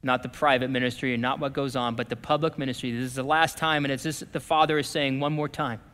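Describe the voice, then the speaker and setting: A man preaching a sermon as pastor, talking in a conversational way that swings from lively to hushed. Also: mid-range voice, fast talker, smooth. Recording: long reverb of a church hall.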